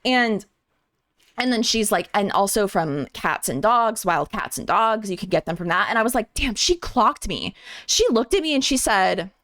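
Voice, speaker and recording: A woman streamer telling a story casually to her chat, animated, repeating words and acting out what others said. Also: mid-range voice, moderate pace, dry recording, clean studio sound. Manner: animated, restarts and repeats words, acts out quotes.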